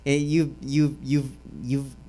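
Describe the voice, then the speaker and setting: Brief: man co-host, measured delivery, dry quips. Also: medium pitch, little pitch movement, warm tone.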